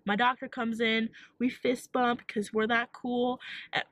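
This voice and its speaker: A young woman vlogging while sick with a sore throat, telling an animated storytime with lots of likes and acted-out quotes. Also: fairly high pitch, a little slow, dry recording. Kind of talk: casual storytime vlog.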